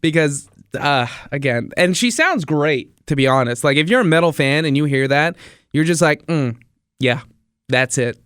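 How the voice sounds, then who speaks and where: A man's voice: a little high, lively intonation, normal speed, fairly bright tone, clean tone, dry recording, clean studio sound. A young man hosting his own podcast, talking enthusiastically in a rambling, repetitive way. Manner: enthusiastic, rambling, repeats himself. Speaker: podcast host and radio DJ. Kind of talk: casual solo podcast monologue.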